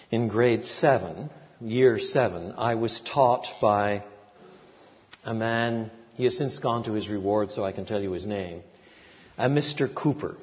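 An older man preaching a sermon, telling a story with lively swings between quiet asides and loud, emphatic peaks. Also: lowish voice. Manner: animated storytelling with big swings in loudness. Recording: muffled recording in a large reverberant hall.

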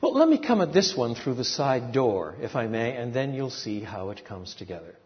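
An older man preaching a sermon, telling a story with lively swings between quiet asides and loud, emphatic peaks. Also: medium pitch, moderate pace. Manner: animated storytelling with big swings in loudness. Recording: muffled recording in a large reverberant hall.

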